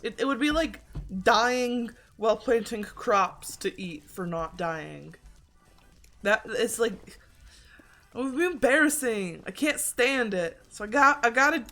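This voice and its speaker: A woman's voice: fairly high pitch, a bit bright. A woman streaming a video game, chatting casually and joking at her own expense, with a slightly congested throat. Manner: chatty, self-deprecating, swearing. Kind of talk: casual gaming commentary.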